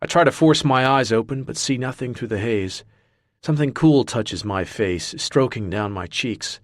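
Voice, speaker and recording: A man's voice: mid-range voice, normal speed, no echo. Intense male audiobook narrator, dry sound. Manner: intense, dramatic. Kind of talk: first-person audiobook narration.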